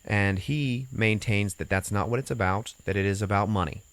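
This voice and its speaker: A deep-voiced man hosting a podcast, recapping a story in a rambling, casual way and slipping into the characters' lines. The recording is dry and close, with no room sound. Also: moderate pace, a bit bright, dry recording. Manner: rambling storyteller acting out quotes. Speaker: podcast host. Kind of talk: casual chat.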